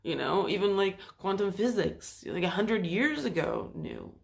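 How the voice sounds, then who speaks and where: A spiritual self-help channel host rambles casually, with loose phrasing and restarts, briefly acting out quoted voices. The voice is medium-pitched, animated, unhurried and creaky.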